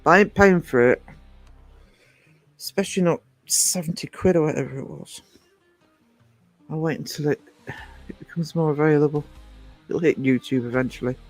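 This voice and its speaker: A man hosts a casual livestream, rambling, interrupting himself and greeting viewers by name as he chats. His voice is a little high and at normal speed with long pauses, over soft background music and no echo.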